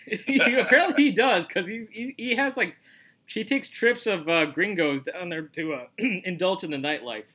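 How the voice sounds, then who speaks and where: A man's voice: sits high, animated, normal speed, bright, forceful tone. A man hosting a podcast in casual, joking chat, laughing often and swearing freely. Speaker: podcast host.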